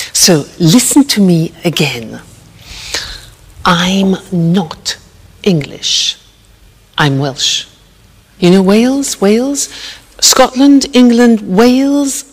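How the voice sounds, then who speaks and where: Slow-speaking woman teaching English. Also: medium pitch, a little mellow, breathy edge, big-room sound. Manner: slow, carefully enunciated teaching. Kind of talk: language lesson.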